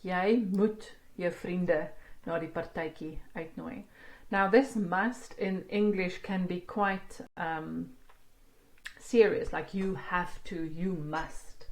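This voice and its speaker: A woman teaching a language lesson, explaining grammar slowly and translating each example sentence. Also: fairly low pitch. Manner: slow, explaining each word and translating line by line.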